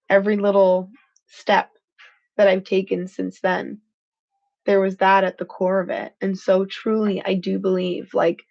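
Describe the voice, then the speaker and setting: A woman's voice: mid-range voice, vocal fry, darkish tone, dull audio. A woman hosting a motivational live stream, speaking earnestly and with feeling, stressing points with "freaking". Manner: earnest, heartfelt and emotional, says "freaking" for emphasis.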